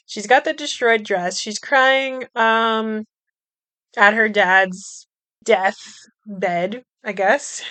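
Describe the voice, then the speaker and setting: A young woman hosting a podcast, recapping a movie in a chatty way, with frequent laughs, swearing and quick asides. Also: medium pitch, a bit bright, clear, resonant tone, no room sound. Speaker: podcast host.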